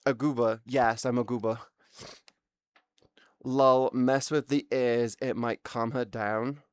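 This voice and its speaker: A man's voice: medium pitch, fairly even intonation, slow, clean tone, no echo. A British man streaming live, ranting with a lot of swearing in a casual, exasperated way. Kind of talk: casual livestream rant.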